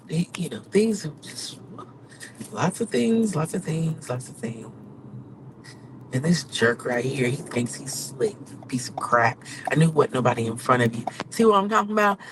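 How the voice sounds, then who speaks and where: A woman podcaster and rideshare driver venting in a casual live vlog from her car, swinging from low mutters to loud exclamations. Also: noisy background. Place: in a car on city streets.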